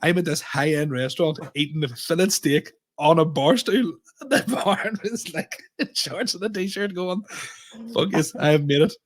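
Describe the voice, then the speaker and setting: Animated man telling stories. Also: fairly high pitch, moderate pace, few pauses. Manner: animated storyteller acting out both sides of dialogue, swearing. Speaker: podcast co-host, comedian. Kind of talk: casual chat.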